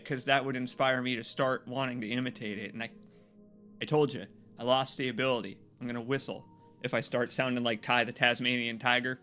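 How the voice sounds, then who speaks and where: A man chatting with his stream audience in a bright, forceful voice, with soft music underneath. He is excitable and swears freely, and his voice leaps up high when something on screen thrills him. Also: a little fast, clear, resonant tone. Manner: excitable, swears freely, laughs loudly, jumps to high yelps. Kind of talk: casual game stream chat.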